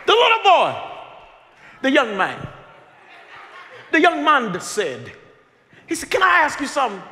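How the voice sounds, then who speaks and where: A high, bright-voiced male pastor preaches in a storytelling style, his pitch leaping around as he acts out scenes. The sound carries a long hall reverb, with a congregation faintly audible. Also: measured pace, a little hiss or hum. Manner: animated, acts out people in his story, laughing and shouting at times. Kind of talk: storytelling sermon. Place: large church sanctuary with congregation. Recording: live church hall with faint crowd.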